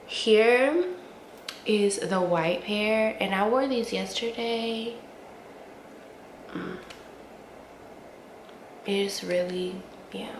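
A woman, gushing playfully to camera in a casual haul review, a bit sniffly from allergies. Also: mid-range voice. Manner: gushing, playful, drawn-out hums and slangy asides. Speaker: beauty and fashion vlogger. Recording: roomy echo with faint ambient noise.

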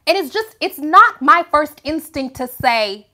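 Bright, high-pitched passionate woman. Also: animated, a little slow, few pauses. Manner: passionate, emphatic, conversational with rhetorical questions. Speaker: host. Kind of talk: live video commentary.

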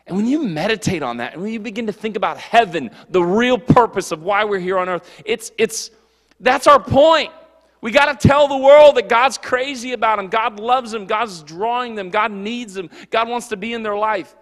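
A man preaching a casual, animated youth sermon in a church, joking and slipping into quick character voices. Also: high voice. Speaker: youth pastor. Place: church hall. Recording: long hall reverb.

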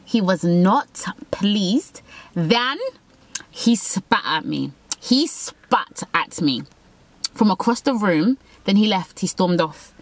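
Young woman in her twenties, casual confessional vlog storytelling, blunt and animated with quotes, mid-pitched. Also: slow, dry recording, poor audio. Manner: candid, swearing, acts out quotes. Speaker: vlogger.

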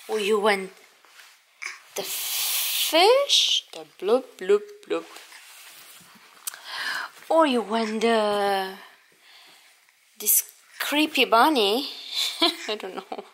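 Mom doing slow sing-song baby talk to her little one. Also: a little high, a bit bright, slight background noise. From Romania. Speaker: mother and vlogger. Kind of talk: talking to her baby on a home vlog.

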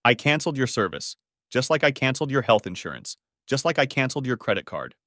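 Man doing a bitter cold husband, sarcastic, lively ups and downs, dry mic. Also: medium pitch, fast talker, no echo. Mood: cold, cutting. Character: cold, bitter husband confronting his wife.

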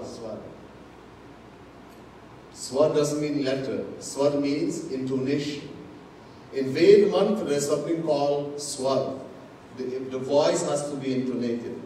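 Slow, emphatic Trinidadian swami in an echoing hall. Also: male voice, mid-range voice, mellow, slight background noise. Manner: slow, emphatic teaching, mixing Hindi and Sanskrit terms, repeating key words. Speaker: swami giving a Gita discourse. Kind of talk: sermon. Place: large temple hall. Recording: distant mic in an echoey hall.

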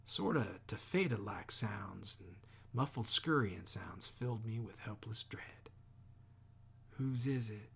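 A man reading a novel aloud as an audiobook, measured, often sinking to near whispers. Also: on the low side, vocal fry, fairly bright tone, breathy edge. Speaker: audiobook reader. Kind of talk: audiobook narration.

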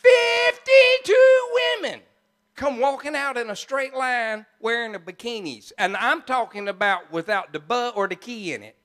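High-voiced folksy preacher, man. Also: moderate pace, hardly any pauses. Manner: folksy, animated, joking asides. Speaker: pastor. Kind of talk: storytelling sermon.

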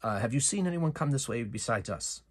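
A man's voice: mid-range voice, lively intonation, brisk, slightly rough. A man voicing a polite, rambling male wizard adventurer who hesitates often in a tabletop game. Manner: courteous and hesitant, full of uhs.

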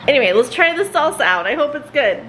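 A woman's voice: high voice, big pitch swings, quick pace. A woman hosting a family vlog, chatting and laughing as she cooks dinner at home. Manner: chatty, giggly, narrates cooking to camera. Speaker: vlog host and mother. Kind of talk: casual family vlog chat. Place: home kitchen. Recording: home recording with background noise.

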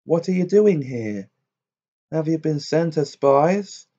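A pack of storybook robbers sneers and threatens in a raised, taunting voice, as a male narrator puts them on. The recording is dull and lo-fi, and the voice keeps a mellow tone. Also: a little high, lively intonation, takes it slowly, voice pushed up. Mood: mocking. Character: gruff band of menacing male robbers.

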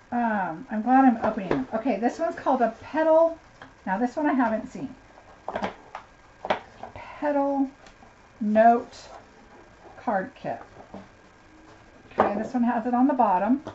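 A woman whose voice is a little high unboxes craft supplies live as a chatty craft demonstrator. She gushes and greets viewers by name, and the recording is slightly dull and lo-fi with faint noise.

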